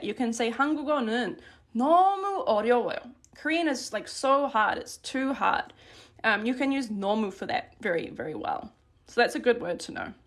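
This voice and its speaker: A woman teaching Korean grammar in a live-streamed lesson, explaining step by step in a friendly way and thanking viewers by name. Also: fairly high pitch.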